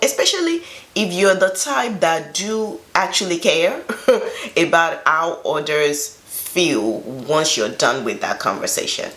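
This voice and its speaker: A woman's voice: fairly low pitch, fairly bright tone. A woman vlogger giving casual, earnest advice on her own experience, speaking conversationally with emphatic pushes. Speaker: self-reflection vlogger.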